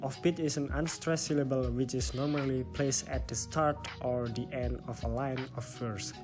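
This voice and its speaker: A man's voice: medium pitch, steady tone, normal speed, over music. A young man with an Indonesian accent, a student presenting a stylistics lesson and explaining it step by step. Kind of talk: reading a class presentation.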